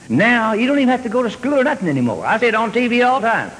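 A man telling a long comic story on stage, drawling and deadpan, then jumping up in excitement. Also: high voice, fast talker, few pauses, a little hiss or hum. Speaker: comedian. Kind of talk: stand-up storytelling. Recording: hall reverb with faint ambience.

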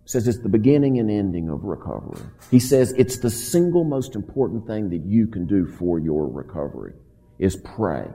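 A man telling his recovery story to a live audience in a folksy, animated way. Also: on the low side, moderate pace, slightly rough, soft background music. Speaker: speaker at a recovery meeting. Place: meeting hall with audience. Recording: long hall reverb.

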